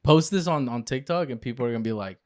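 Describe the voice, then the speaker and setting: A man's voice: mid-range voice, animated, fast talker, a little mellow. A man co-hosting a podcast in casual, profane chat, often trailing off mid-thought. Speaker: podcast co-host.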